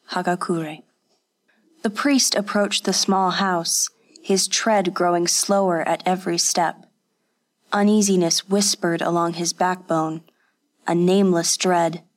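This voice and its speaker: A woman reading a story aloud in steady, measured narration. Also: fairly low pitch. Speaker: audiobook narrator. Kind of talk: scripted narration.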